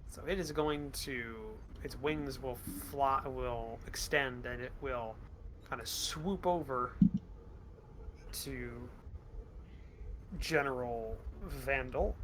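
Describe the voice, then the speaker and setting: A man's voice: medium pitch, takes it slowly, fairly bright tone, a little hiss or hum. A man narrating a tabletop game as game master, setting scenes descriptively and calling rolls.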